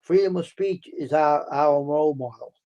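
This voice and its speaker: A man hosting a casual live stream from the United States, answering his chat by name, repeating himself, worked up at times and then calming his viewers down. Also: a little high, moderate pace, dull audio. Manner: talks back to chat, repeats himself, heated then soothing.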